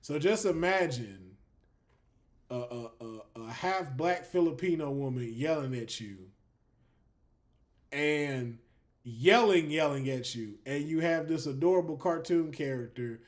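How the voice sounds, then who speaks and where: A man hosting a casual livestream, chatting to viewers in a lively way, laughing, swearing freely and trailing off into drawn-out fillers. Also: fairly high pitch. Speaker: livestream host.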